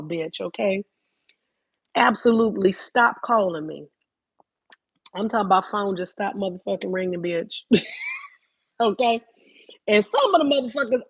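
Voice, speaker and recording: A woman ranting on a live stream, profane, animated and emphatic. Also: medium pitch, husky, dry recording, rough recording. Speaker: vlogger.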